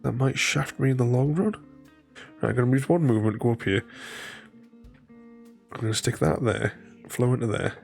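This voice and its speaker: A man's voice: medium pitch, normal speed, gravelly, long pauses, darkish tone, faint music behind. A man casually chatting with his viewers while playing a solo board game, thinking aloud and laughing often.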